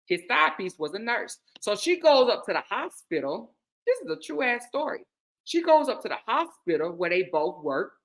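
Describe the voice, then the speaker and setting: A woman hosting a casual talk show, telling a true story. She talks candidly and emphatically, with loud stresses that drop into hushed asides. Her voice sits in an ordinary middle pitch. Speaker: host.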